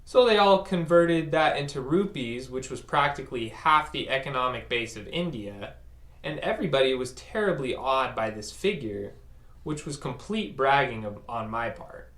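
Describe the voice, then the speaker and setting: A man's voice: mid-range voice, expressive, normal speed, fairly bright tone. A man telling a personal story in a conversational, self-mocking way, acting out the voices of the people in it. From United States. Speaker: speaker recounting a personal story. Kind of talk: first-person storytelling talk. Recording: roomy echo.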